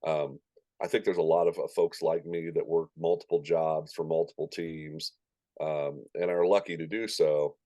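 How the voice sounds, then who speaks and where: A man's voice: very deep voice, steady tone, moderate pace, mellow, no room sound. A man in his forties, a stadium announcer, telling anecdotes in a casual interview and acting out the voices of people in his stories.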